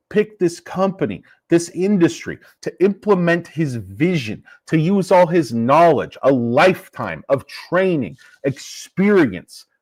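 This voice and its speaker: Man hosting a stock show, combative and cussing, lively swinging delivery, fairly high voice. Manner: profane, combative. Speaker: stock market commentator. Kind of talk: casual investing rant.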